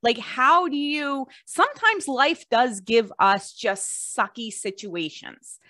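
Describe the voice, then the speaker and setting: A woman's voice: a little high, lively intonation, slow pace, bright, forceful tone, no echo, clean studio sound. A woman hosting a podcast, talking encouragingly in long flowing thoughts. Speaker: podcast host. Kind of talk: casual conversational interview.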